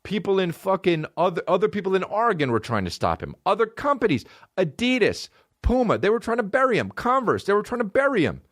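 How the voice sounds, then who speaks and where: Man ranting with wild pitch swings. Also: a little fast, no echo, clean studio sound. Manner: profane, excitable, swings between shouting highs and low mutters. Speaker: podcast host. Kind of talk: solo comedy podcast rant.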